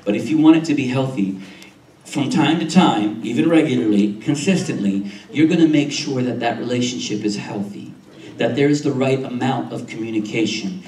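A man's voice: medium pitch, normal speed, a little mellow, a little hiss or hum. A male pastor preaching a sermon, repeating phrases and asking "Amen?" to the congregation. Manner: preaching with frequent "Amen?" checks and repetition. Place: church sanctuary. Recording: roomy, distant church recording.

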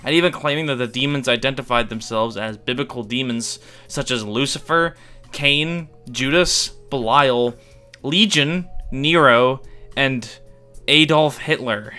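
A man's voice: mid-range voice, a little slow, sharp tone, clean tone, soft background music. A man reading a scripted video narration in an offhand, wry way, dropping casual asides and the odd swear word for comic effect. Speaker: YouTube iceberg explainer.

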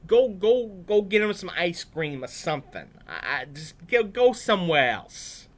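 A man's voice: sits high, big pitch swings, a little slow, voice pushed up, full character voice. A man voicing indignant male disciples who stammer and bluster as they try to shoo children away. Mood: scolding. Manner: stammering, loud, whiny.

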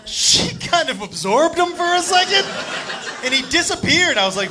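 A man telling a loud, profane story as a stand-up comedian, acting out the people in it. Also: very high voice, sing-song, normal speed. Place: comedy club stage with laughing audience. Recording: live club recording with crowd noise.

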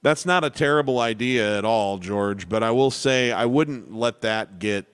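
A man's voice: medium pitch, moderate pace, smooth, no room sound, clean studio sound. A man running a casual live piano Q&A lesson, rambling and self-deprecating, with many restarts. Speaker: piano teacher.

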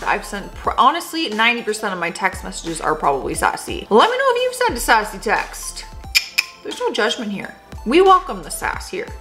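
A woman's voice: mid-range voice, wildly swooping pitch, fairly quick, bright, forceful tone, soft background music. A woman hosting a casual reaction video, sassy and playful, laughing often as she comments. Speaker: host reading and reacting to text messages.

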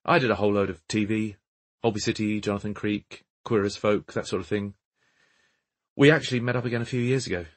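A man reading the part of a nervous young English actress in an audiobook, quiet and hesitant. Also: on the low side, fairly even intonation, a little fast, lightly acted. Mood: wistful.

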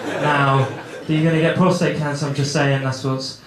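Awkward stand-up comedian, higher voice. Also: male voice, flat delivery, moderate pace. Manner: awkward, rambling, self-deprecating, swears a lot. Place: comedy club stage with a live audience. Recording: echoey room with loud crowd laughter.

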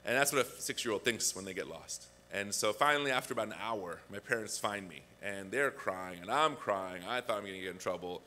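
A man's voice: on the low side, brisk, hardly any pauses, a little hiss or hum. A man preaching a conversational sermon as a guest pastor, telling a personal story. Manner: conversational, animated when acting out quotes. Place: church.

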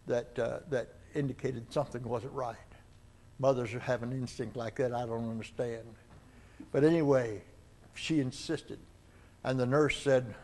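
A man's voice: medium pitch, steady tone, normal speed. Older male preacher telling a story. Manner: acts out dialogue in the story, with rises and falls in loudness. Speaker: pastor. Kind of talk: sermon storytelling. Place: church sanctuary.

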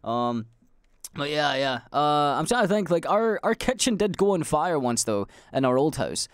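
A young Scottish man hosting a podcast, rambling through stories in casual chat, swearing a lot and acting out loud quotes. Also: a little high, normal speed, smooth, dry recording, studio quality. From Scotland. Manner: sweary, animated storytelling with loud acted-out quotes. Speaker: podcast host.

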